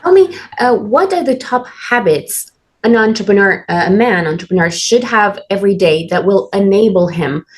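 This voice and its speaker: A woman hosting an interview, asking her guest questions in a measured, deliberate way. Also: mid-range voice, lively intonation. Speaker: interview host.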